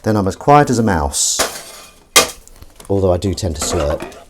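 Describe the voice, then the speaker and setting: Standing at the kitchen sink, a man streams himself washing dishes, rambling and reading viewer comments aloud as plates and cutlery clatter. He has a low voice with wide pitch swings, a moderate pace, and the audio is very noisy.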